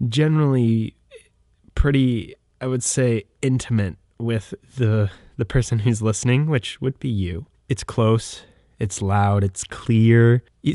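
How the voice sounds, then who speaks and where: Hesitant young man, low dry voice. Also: warm tone, no echo. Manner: hesitant, frequent restarts and self-corrections. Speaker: podcast host. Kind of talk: casual solo podcast monologue. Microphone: microphone.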